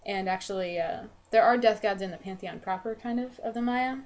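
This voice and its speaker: A woman's voice: medium pitch, brisk, a little mellow. A woman vlogger retelling a story in a chatty, casual way, with lots of fillers and "they're like.". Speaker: vlogger and game developer.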